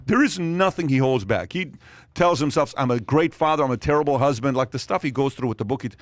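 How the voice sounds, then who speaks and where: Fast-talking enthusiastic male host. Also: medium pitch, animated, no echo, clean studio sound. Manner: brisk and enthusiastic, recommending. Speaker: podcast host. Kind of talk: casual panel discussion.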